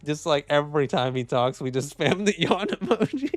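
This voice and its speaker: A man's voice: fairly high pitch, very animated, normal speed, no room sound. A young man streaming live, making casual commentary as he reads posts and keeps laughing and saying "dude". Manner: laughing, mocking, says dude a lot.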